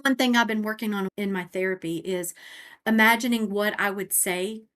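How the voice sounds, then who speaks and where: A woman's voice: mid-range voice, moderate pace, fairly bright tone. A woman guest on a faith podcast speaking earnestly and reflectively about her own life in long, image-filled answers. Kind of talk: personal testimony in interview.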